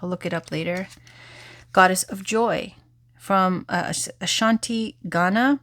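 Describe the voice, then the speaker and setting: A woman's voice: mid-range voice, measured pace, dry recording. A woman giving a tarot reading in a chatty, candid way, saying she is losing her voice. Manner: chatty, candid, lively asides. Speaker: tarot reader. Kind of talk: tarot reading and guided affirmation.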